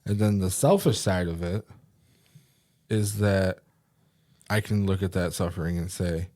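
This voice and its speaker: A fairly low-voiced man speaks in a relaxed, unhurried way on a casual podcast. His humor is dry and understated, and he sounds at ease, sitting in an office at his workplace. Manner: laid-back, dry joking. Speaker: podcast co-host and peer recovery coach. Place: office in their workplace building.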